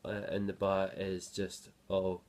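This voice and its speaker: A man's voice: deep voice, completely flat delivery, slow. A man giving a guitar lesson, patiently explaining and counting beats aloud as he plays. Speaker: guitar teacher. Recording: loud guitar playing over the voice.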